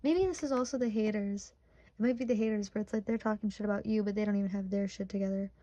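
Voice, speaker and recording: Twenties woman doing a tarot read, kinda teary, says like a lot, mellow voice, dull dry sound. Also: medium pitch, steady tone, quick pace, no echo. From Michigan, USA. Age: 20s. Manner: emotional, chatty, many "like" fillers. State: tearful, near crying. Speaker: tarot reader. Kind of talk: casual tarot reading monologue.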